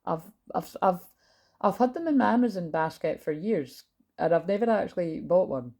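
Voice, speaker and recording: Woman tarot reader, low gravelly voice, loud and sweary, casual. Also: lively intonation, moderate pace. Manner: loud, chatty, swears freely. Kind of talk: casual tarot reading monologue. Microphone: built-in camera mic, no lapel.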